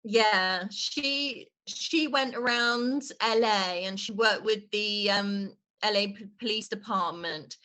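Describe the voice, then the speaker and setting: A woman performance artist speaking on a video call, earnest and halting, with many restarts and a voice heavy with emotion. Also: medium pitch, sharp tone. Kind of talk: online exhibition talk.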